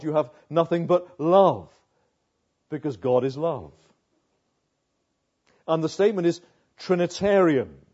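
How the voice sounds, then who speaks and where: Man preaching, husky and mellow, emphatic, repeats words, rhetorical questions. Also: fairly high pitch, highs cut off. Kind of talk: sermon.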